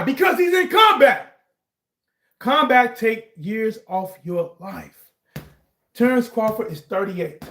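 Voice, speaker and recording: A man with a high voice holds forth on sports in loose, rambling chat. He circles back over his points and then raises his voice sharply to hammer them home. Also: slight background noise. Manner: rambling, animated, bursts into shouts on points. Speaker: sports commentary vlogger. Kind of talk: casual chat.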